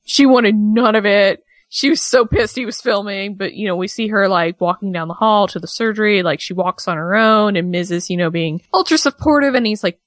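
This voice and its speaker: A woman's voice: mid-range voice, animated, moderate pace, hardly any pauses, dry recording. A woman co-hosting a casual podcast, animatedly retelling a reality show episode and acting out the quotes. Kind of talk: casual chat.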